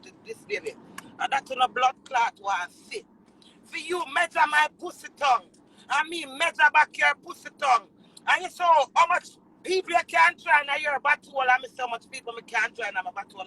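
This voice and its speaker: A woman with a Jamaican accent in a heated rant, swearing loudly and swinging between shouting and low, tearful muttering. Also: low-quality recording.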